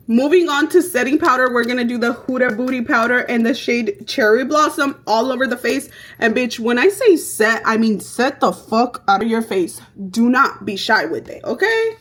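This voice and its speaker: A young woman vlogger chatting through her makeup routine, telling stories in a brash, profane, animated way. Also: a little high, moderate pace, a little hiss or hum. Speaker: beauty vlogger. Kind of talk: casual get-ready-with-me chat.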